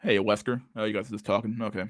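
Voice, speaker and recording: A young man hosts a casual livestream, reacting to chat in crude slang and laughing often. His voice sits lowish. The sound is close and dry, with faint music behind it. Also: fairly even intonation, racing, no echo. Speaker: livestream host reading chat.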